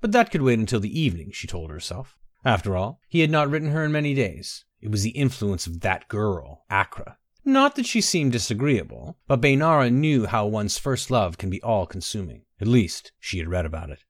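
A man reads a story aloud with a low voice that moves lively through its pitch. His delivery is measured and expressive. The recording is dry and close. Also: no echo. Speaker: narrator. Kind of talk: storybook narration.

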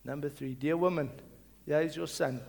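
A male pastor reading scripture and preaching, swinging between loud calls and hushed reading and leading the congregation to repeat after him. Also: on the high side, fairly even intonation, moderate pace, vocal fry. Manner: leads the congregation in call-and-response.

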